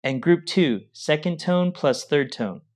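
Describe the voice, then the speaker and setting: A man's voice: on the high side, lively intonation, a little slow. Man explaining a tone lesson. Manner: encouraging, explanatory. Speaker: co-host of language lesson. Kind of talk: instructional explanation.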